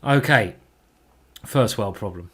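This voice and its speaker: A man's voice: lowish voice, lively intonation, slow, breathy edge. A man streaming a chess game, chatting and thinking aloud as he plays, with mild swearing. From England. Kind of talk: live game commentary.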